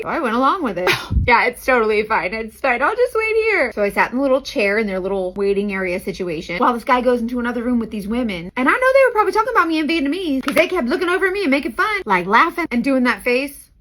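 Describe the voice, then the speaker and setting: A woman's voice: high-pitched, sing-song, fast talker, fairly bright tone, low-quality recording. A woman who works as a private investigator tells a comic story in a casual, sassy way, with slangy asides to her listeners. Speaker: private investigator and beauty content host.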